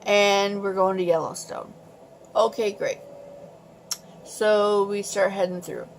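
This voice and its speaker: A woman vlogger telling a story in a casual, animated and exasperated way. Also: mid-range voice, slow, creaky, slight background noise.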